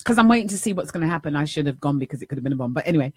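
Her voice is low-pitched with a breathy edge, and she races through her story. This host and life coach acts out the dialogue in a lively, casual monologue with occasional swearing, captured in clean studio sound with no echo.

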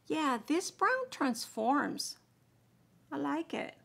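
A woman's voice: high voice, sing-song, drawn-out words, creaky, a bit bright. A woman chatting casually through a makeup tutorial, explaining each step as she applies it. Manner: chatty, explaining steps while applying makeup. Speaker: beauty vlogger.

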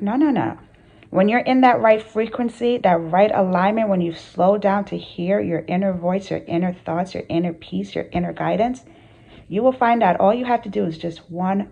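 A woman's voice: medium pitch, vocal fry, a little mellow, dull audio. A woman hosting her channel, speaking earnestly to camera in a casual motivational talk, with repeated phrases and rhetorical questions. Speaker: spiritual coach and channel host.

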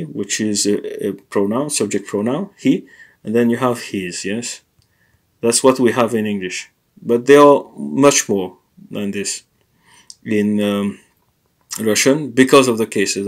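A man teaching a language lesson, explaining grammar in a hesitant way with many pauses, fillers and self-corrections. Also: medium pitch.

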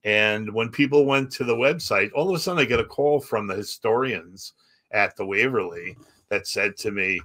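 Male comedian guest, low and bright-toned, lively storyteller who acts out the dialogue. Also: normal speed. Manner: animated storyteller, acting out other people's lines. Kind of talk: storytelling in a podcast chat.

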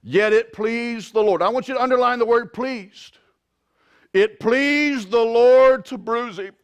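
A man preaching a sermon as pastor, swinging from quiet, drawn-out lines to loud shouted climaxes. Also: extremely high pitch, clean tone. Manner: impassioned preaching, rising to shouts.

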